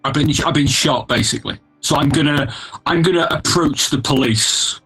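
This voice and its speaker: A man playing in a tabletop game, speaking in halting, stammering bursts. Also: fairly high pitch, bright, forceful tone, husky, soft background music, low-quality recording. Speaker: player. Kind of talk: tabletop role-play.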